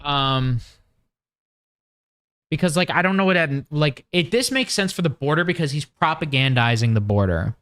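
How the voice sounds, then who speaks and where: A man's voice: fairly high pitch, a bit bright, dry recording. A young man talks loosely on his own livestream. He swears a lot and rambles with many fillers and restarts. His voice is dry and close to the mic. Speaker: livestream host. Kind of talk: casual political rant on a livestream.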